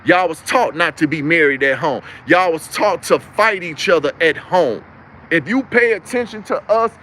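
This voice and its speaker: Lecturing his livestream audience without a break, this young host uses a high, fairly bright voice and keeps repeating himself for emphasis. Slight background noise sits under the recording.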